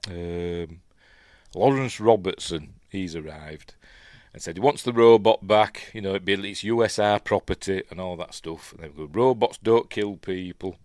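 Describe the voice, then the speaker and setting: Low-voiced Yorkshire man, dry close sound, chatty film-review commentary, rambling delivery full of ums and asides. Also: normal speed, darkish tone, dry recording. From Yorkshire, England. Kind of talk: casual commentary talking over a film as it plays.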